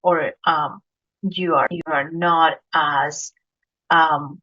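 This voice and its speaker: Low-voiced Colombian Spanish accented woman. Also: fairly even intonation, drawn-out words. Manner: earnest, anecdotal, repeats words while searching. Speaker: podcast host. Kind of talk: casual interview chat. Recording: dull lo-fi recording.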